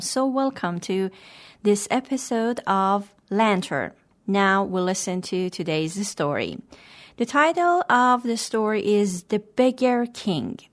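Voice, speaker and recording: A woman hosting and reading a moral story aloud in a gentle, measured way. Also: mid-range voice. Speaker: storyteller and host. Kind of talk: scripted story narration.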